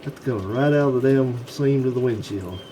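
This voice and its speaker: A man's voice: medium pitch, fairly quick, noisy background. A man, talking folksy and explaining a car repair while filming it on a handheld phone outdoors. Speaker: mechanic, channel host. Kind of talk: hands-on repair demonstration. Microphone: handheld phone camera.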